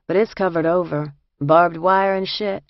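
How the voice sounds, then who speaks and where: A woman's voice: on the low side, fairly even intonation, measured pace, dry recording, lo-fi sound. A woman reading the part of a tough, plain-spoken woman prison inmate. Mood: wistful.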